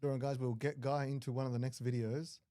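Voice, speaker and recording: A man's voice: medium pitch, little pitch movement, quick pace, mellow, no room sound, clean studio sound. An Australian man commentating live poker with casual, self-deprecating jokes.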